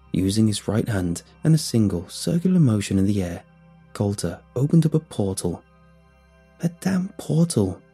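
A male narrator telling a first-person horror tale in a tense, dramatic style. His voice is low, deeply husky and dark, and faint music sits underneath.

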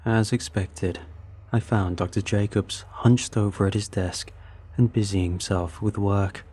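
A man narrating a first-person sci-fi story in a measured, tense manner. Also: on the low side, warm tone.

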